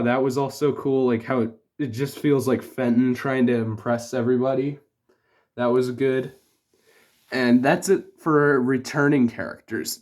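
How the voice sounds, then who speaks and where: Male reviewer, offhand rambling delivery, average pitch. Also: darkish tone. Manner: rambling, full of "like" and restarts. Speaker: TV show reviewer. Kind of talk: casual spoken review.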